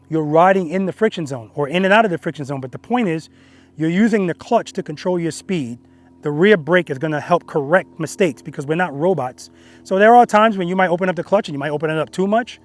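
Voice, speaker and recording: Man, riding instructor, emphatic coaching, outdoors, slightly high voice, dry sound. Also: a little mellow, dry recording. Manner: emphatic, checks in with "right?" and "guys". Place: outdoor practice area.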